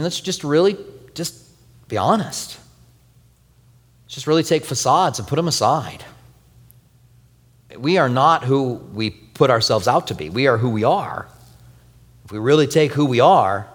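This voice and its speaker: A man preaching a sermon as pastor, telling personal stories with lively, animated delivery and acting out quoted prayers in a soft voice. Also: medium pitch, husky, in a large hall. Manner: animated storytelling, acts out quoted prayers softly.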